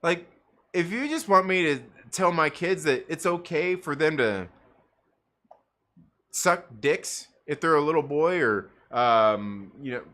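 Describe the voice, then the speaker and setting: A man's voice: on the high side, expressive, takes it slowly, bright, forceful tone. A man ranting in casual livestream commentary, profane and rambling, full of fillers and restarts. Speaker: livestream co-host; parent.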